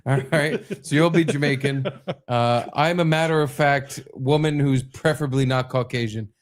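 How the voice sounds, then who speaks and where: A man co-hosting a comedy podcast, bantering with a wry, teasing deadpan while reading a script aloud. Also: medium pitch, moderate pace. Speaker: podcast co-host.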